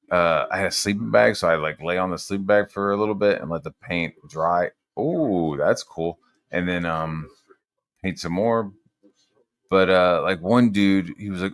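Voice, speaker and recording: A man's voice: sits low, normal speed, no echo, clean studio sound. A man hosting a casual chat, telling a rambling, profane story with lots of fillers.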